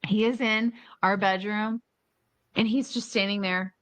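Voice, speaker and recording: A woman hosting a podcast, chatting casually and telling animated stories with plenty of swearing. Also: mid-range voice, measured pace, no echo. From New York or Michigan. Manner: animated storyteller who swears freely and acts out quotes. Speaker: podcast host. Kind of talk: casual chat.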